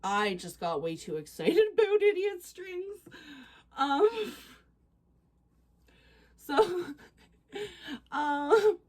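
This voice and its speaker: A chatty, excitable woman casually reacting to posts on her vlog, quick to laugh. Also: extremely high pitch. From Canada. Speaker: reaction channel host.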